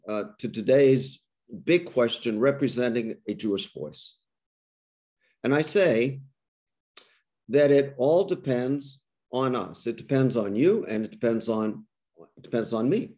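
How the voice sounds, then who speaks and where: Older man, rabbi, reflective interfaith talk, halting with restarts, rhetorical questions, video call mic. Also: medium pitch, a little mellow. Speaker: rabbi and guest speaker.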